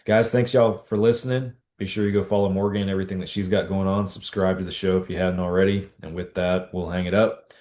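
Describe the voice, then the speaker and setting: A man's voice: sits low, fast talker, hardly any pauses. A man hosting a podcast, easygoing and stumbling over his words as he wraps up. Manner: relaxed, repeats words, many restarts. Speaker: podcast host. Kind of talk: casual interview chat. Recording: echoey room.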